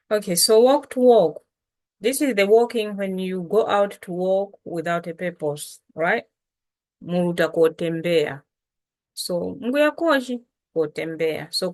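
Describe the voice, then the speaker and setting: Low-voiced woman teaching casually. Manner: relaxed, chatty, slow after lunch. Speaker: language teacher. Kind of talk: casual language lesson.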